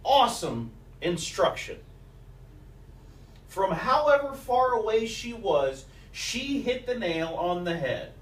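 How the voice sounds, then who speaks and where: A pastor preaches a sermon in a church sanctuary, telling stories and quoting both scripture and old sayings of mothers. His voice sits high with big pitch swings, and he takes it slowly. The recording is echoey, made from a distance.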